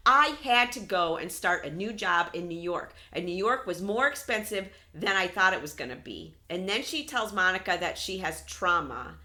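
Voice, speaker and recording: Bright-voiced woman recapping with gusto. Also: fairly low pitch. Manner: animated retelling, acts out quotes, laughs often. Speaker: podcast co-host recapping a reality show. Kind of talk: casual recap chat.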